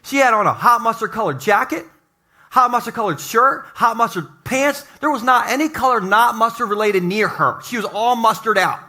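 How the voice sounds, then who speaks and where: A man's voice: extremely high pitch, lively intonation, normal speed, pushed and bright. A middle-aged male pastor giving a humorous, conversational sermon to his congregation in a church. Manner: joking, conversational, talks to the congregation.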